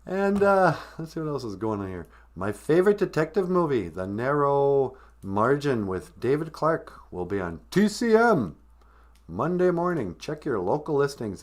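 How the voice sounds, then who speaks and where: A man hosts a comic live stream, teaching short language phrases between jokes. He drawls slowly in a low register and mocks himself. His delivery is loose and playful. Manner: joking, drawling, self-mocking. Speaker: podcast host teaching Ojibwe.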